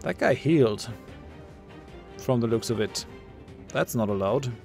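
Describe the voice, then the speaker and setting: A man's voice: mid-range voice, animated, unhurried, gravelly, darkish tone, faint music behind. A man giving casual commentary while he plays a game, thinking aloud, muttering and laughing at his own jokes. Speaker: gamer playing a ship combat game.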